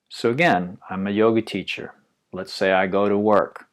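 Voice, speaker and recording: A man giving a calm, reflective dharma talk as a yoga teacher, his phrases often trailing off softly. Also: fairly low pitch, normal speed.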